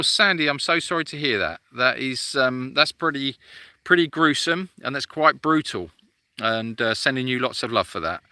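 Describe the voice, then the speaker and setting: A man's voice: medium pitch, sharp tone, dry recording. A man hosting a casual live-stream Q&A for an animal sanctuary. He chats and teases while reading out viewer comments, with frequent ums.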